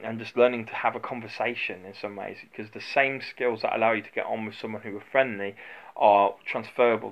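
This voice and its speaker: A middle-aged man talks bluntly and rambles as he hands out advice on working the door, with plenty of fillers and restarts. His voice sits on the low side. The recording is slightly dull and lo-fi. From United Kingdom. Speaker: former nightclub doorman giving advice. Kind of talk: casual instructional vlog.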